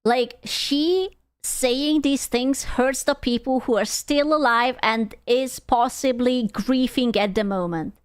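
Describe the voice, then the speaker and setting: A young woman streams in a loose, rambling chat style. She swears freely and breaks into laughs often. Her voice sits slightly high for a woman. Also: slow, clear, resonant tone. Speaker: VTuber streamer. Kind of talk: casual live-stream chat.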